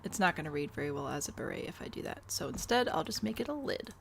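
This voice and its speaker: A woman's voice: deep voice, big pitch swings, fast talker, creaky, few pauses, a little hiss or hum. A woman streamer chatting casually while she builds in a game, wry and self-deprecating, answering chat and hiccuping now and then. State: has the hiccups.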